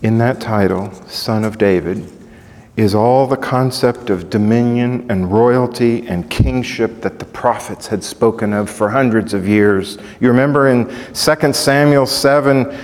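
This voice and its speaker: A man preaching a sermon, asking the congregation rhetorical questions and rising to loud dramatic shouts when he quotes cries. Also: mid-range voice, a little slow. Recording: long hall reverb.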